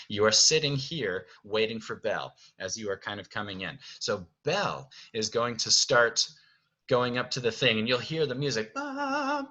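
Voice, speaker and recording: A man's voice: on the low side, sharp tone, lo-fi sound. A man directing actors from home, explaining stage blocking in a chatty way, often checking in with "okay?". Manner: chatty, keeps checking with "okay?", sings music cues. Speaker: theater director.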